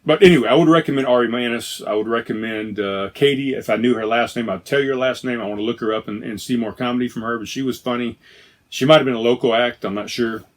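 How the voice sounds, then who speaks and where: A man's voice: medium pitch, fast. A middle-aged man talks alone on his podcast in a casual, rambling way. He gets enthusiastic and often circles back to fix his own wording. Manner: rambling, self-correcting, enthusiastic. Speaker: podcast host. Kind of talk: casual solo podcast chat.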